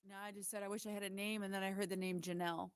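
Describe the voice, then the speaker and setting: A woman's voice: medium pitch, flat delivery, racing, clear, resonant tone, no room sound, clean studio sound. A woman working as a psychic medium, passing on spirit messages in a hesitant, emotional way with many fillers and restarts. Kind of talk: spiritual channeling monologue.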